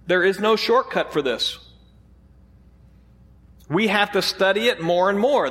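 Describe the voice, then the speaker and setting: A pastor with a high voice preaches to his congregation in a loose, conversational way, throwing out rhetorical questions as he goes. His voice rings with the long reverb of a church hall. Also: fairly bright tone. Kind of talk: sermon.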